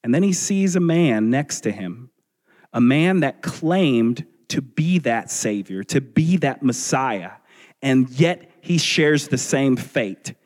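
A man preaching a sermon as a pastor, earnest and measured, asking his listeners rhetorical questions. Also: mid-range voice, expressive, darkish tone. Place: church sanctuary. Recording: long reverb of a large hall.

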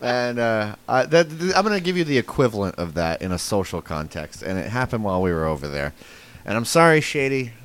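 Podcast co-host, man, lively swinging pitch, swears a lot, animated storyteller. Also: a little fast, a little hiss or hum. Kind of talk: casual football fan chat.

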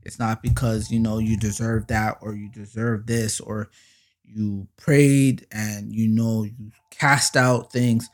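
A man hosting his own faith podcast, talking casually but preaching hard. He uses slang and fillers, and he swells louder and slower on lines of praise. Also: fairly low pitch, level tone. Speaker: podcast host. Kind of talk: faith-based podcast monologue.

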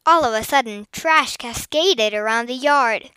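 A woman reading a children's story aloud in an expressive, lively way, recorded close in a quiet studio. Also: on the high side, a little slow, clean tone, dry recording, poor audio. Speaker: narrator.

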